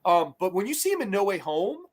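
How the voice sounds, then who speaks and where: Over crowd noise, a brisk man with a high-sitting voice chats casually about films as a podcast host. He's lively, curses a lot, and acts out quotes.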